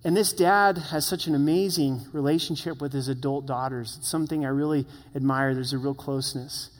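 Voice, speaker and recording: A man's voice: mid-range voice, steady tone, fairly quick, big-room sound. A man preaching a sermon as pastor, earnest and conversational, asking the listeners questions.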